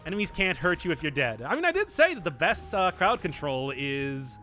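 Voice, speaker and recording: A young man live-streaming a game, chatting casually and answering chat in an animated, self-mocking way. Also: a little high, a little fast, faint music behind. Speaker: gaming streamer.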